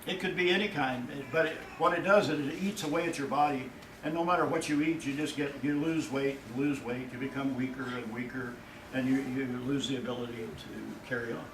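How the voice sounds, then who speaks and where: A male pastor preaching a sermon in a folksy way, his voice rising and loud whenever he quotes God. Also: medium pitch, a little fast, slight background noise. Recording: echoey room from far off.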